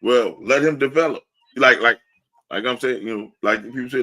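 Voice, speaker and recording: A man's voice: medium pitch, normal speed, pushed and bright, low-quality recording. A man co-hosts a casual sports podcast in a mid-range voice. He talks animatedly, laughs often, and slips into mocking impressions of fans. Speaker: podcast co-host.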